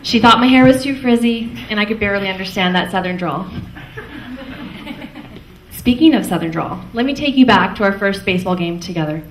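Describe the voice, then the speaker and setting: A woman's voice: mid-range voice, lively intonation, fairly quick. Young woman giving a wedding toast from far off. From Canada. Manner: fond, light, chuckling between lines. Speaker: maid of honor. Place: wedding reception hall. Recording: echoey hall from far off, faint noise.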